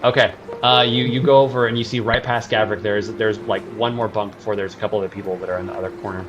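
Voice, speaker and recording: Low-voiced man running a tabletop game. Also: flat delivery, dull audio, background noise. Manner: loose, halting narration with restarts. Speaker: game master.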